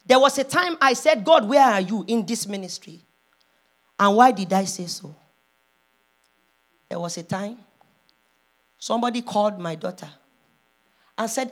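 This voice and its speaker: A pastor's wife preaching a sermon, moving from hushed storytelling to loud, impassioned calls. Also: female voice, medium pitch, expressive, a little slow, long pauses.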